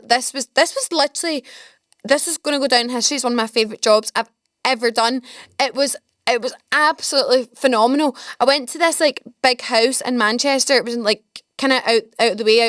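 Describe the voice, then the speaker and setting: A young Scottish woman hosting a podcast, rambling through stories in an excitable, chatty way. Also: a little high, no room sound, clean studio sound. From Scotland. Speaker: podcast host. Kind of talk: casual storytelling chat.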